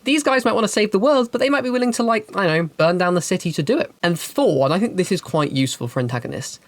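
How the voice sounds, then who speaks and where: Animated woman giving tabletop game advice. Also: medium pitch, quick pace, no room sound. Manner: animated, chatty, emphatic. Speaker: game master and channel host. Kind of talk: casual advice talk and storytelling.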